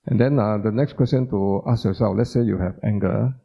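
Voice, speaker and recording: A man's voice: on the low side, a little fast, gravelly, slightly rough. A man giving an informal teaching talk, repeating words for emphasis and putting questions to the audience. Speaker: doctor giving a Buddhist talk. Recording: dull lo-fi sound.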